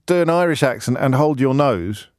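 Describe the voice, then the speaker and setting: A man's voice: medium pitch, expressive, moderate pace, darkish tone, no echo, clean studio sound. Teasing male radio phone-in host. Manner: teasing, jokey banter with callers. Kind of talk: playful radio phone-in chat. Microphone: studio microphone.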